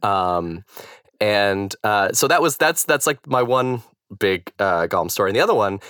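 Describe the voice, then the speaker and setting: A man in his thirties, a stage actor and guest, telling a story casually with lots of fillers and restarts in a naturally low voice. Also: animated, moderate pace, a bit bright, no room sound, clean studio sound. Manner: rambling, hesitant, many fillers and restarts.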